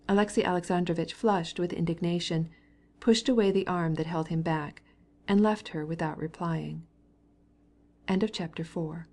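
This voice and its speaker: A woman reads a classic novel aloud in a measured, even way. Her voice sits low and sounds mellow and relaxed. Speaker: audiobook narrator. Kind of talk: scripted narration of a classic novel.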